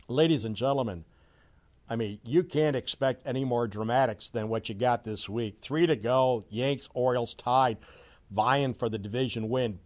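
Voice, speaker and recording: Brash, animated male sports ranter. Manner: loud, mocking, swings from low grumbles to shouted outbursts. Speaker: sports commentator. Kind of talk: opinionated sports rant.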